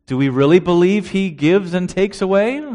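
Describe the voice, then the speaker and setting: A man's voice: high-pitched, normal speed, warm tone. A man preaching a sermon who reads out scripture verses and asks his listeners rhetorical questions.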